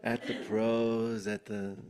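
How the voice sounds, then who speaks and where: A man leading a spiritual gathering, telling stories in an animated way, often laughing and sometimes dropping to a soft near-whisper. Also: on the low side, slow pace, crowd noise. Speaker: spiritual teacher leading a satsang. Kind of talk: casual spiritual talk to a group.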